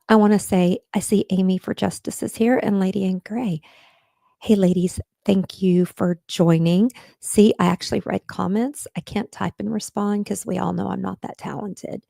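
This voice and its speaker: A woman's voice: on the low side, vocal fry, mellow, breathy edge, dry recording. A woman hosting a casual true-crime live stream, chatting straight to viewers and making earnest pleas. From Texas. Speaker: podcast host.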